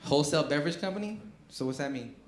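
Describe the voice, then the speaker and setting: A man's voice: fairly high pitch, animated, very fast. A man doing stand-up crowd work in a comedy club, profanely teasing audience members. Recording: echoey club room with loud crowd noise.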